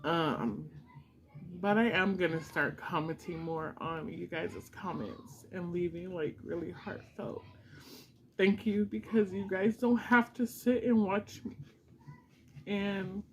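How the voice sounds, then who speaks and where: Slow, soft-pitched emotional woman vlogger. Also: a little hiss or hum, low-quality recording. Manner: emotional, gushing, repeated exclamations. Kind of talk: casual unboxing vlog.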